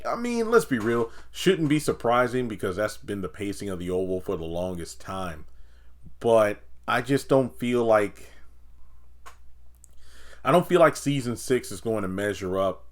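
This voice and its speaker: A young man casually reviewing a TV episode, acting out the characters' lines in quick, animated voices. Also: on the low side. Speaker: TV review YouTuber.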